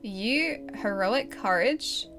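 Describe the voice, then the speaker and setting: Australian woman streamer, unhurried delivery, thinks out loud with chat, music playing behind. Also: fairly high pitch, animated. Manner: thinking aloud, chatting with viewers. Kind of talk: casual live-stream chat.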